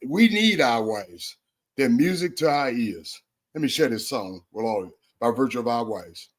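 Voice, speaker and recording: A man's voice: medium pitch, expressive, normal speed. A man hosting a streamed religious talk show, preaching in repeated, building phrases. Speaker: host.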